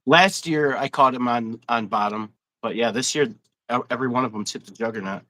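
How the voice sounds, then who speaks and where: A man's voice: mid-range voice, brisk, sharp tone, poor audio. A man hosting a casual fishing livestream interview, chatty and rambling, laughing often. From Wisconsin. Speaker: host.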